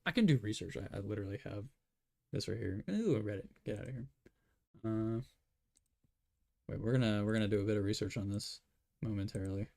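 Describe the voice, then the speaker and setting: A man's voice: fairly low pitch, fairly quick, vocal fry, pauses often, dark tone. A man talking to himself in a rambling way as he draws, giving casual commentary. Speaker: artist.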